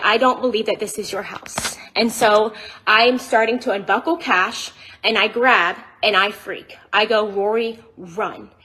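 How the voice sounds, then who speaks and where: A woman telling her own account to viewers on a phone video, rushed and shaken, full of fillers and restarts. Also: a little high, a bit bright. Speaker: mother telling her side in a social media video.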